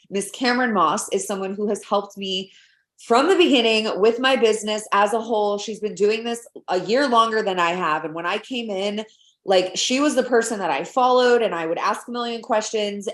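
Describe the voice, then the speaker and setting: Excited rambling woman on a roomy call. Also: on the low side. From Atlanta, USA. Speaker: sales team leader. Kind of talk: casual team video call.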